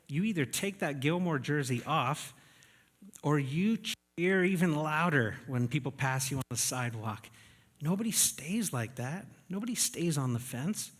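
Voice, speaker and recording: Man preaching in a reverberant church. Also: a little high. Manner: conversational, self-deprecating storytelling with laughs. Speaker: pastor. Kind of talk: sermon. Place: church sanctuary. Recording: long reverb of a church hall.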